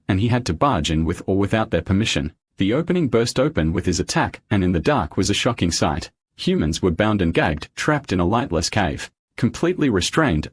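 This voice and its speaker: A man narrating a comic recap in a steady, scripted storytelling voice. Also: lowish voice, breathy edge, no room sound.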